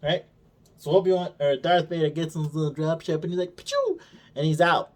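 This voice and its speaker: A man's voice: fairly high pitch, little pitch movement, fast, a little mellow. Male reviewer, casual rant, heavy swearing, sarcastic and exasperated throughout. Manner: swears constantly, mocking and exasperated; retells scenes by acting out characters' lines. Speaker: video reviewer.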